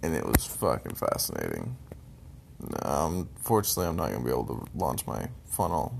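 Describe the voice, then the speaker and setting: Young man, deep voice, gravelly, frustrated venting vlog, constant swearing, faint background noise. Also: wildly swooping pitch, a little fast. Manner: trails off, sighs, mutters low at times.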